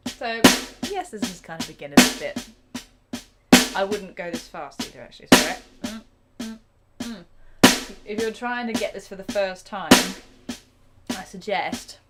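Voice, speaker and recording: A woman teaching a live drum lesson, chatty and self-deprecating, counting beats out loud. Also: medium pitch. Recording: drum kit playing loudly behind.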